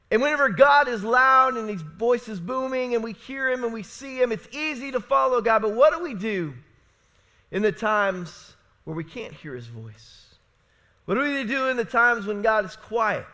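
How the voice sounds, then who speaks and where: Preaching in a church sanctuary, this pastor has a bright, high-pitched voice. He tells his sermon like a conversation, repeating himself and often asking "right?", and moves between loud, emphatic moments and hushed, low stretches.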